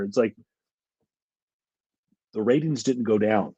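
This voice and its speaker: A man's voice: lowish voice, expressive, takes it slowly, pauses often, dark tone, dry recording, dull audio. A man co-hosting a podcast, giving rambling, heated opinions with lots of fillers. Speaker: podcast co-host. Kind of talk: casual chat.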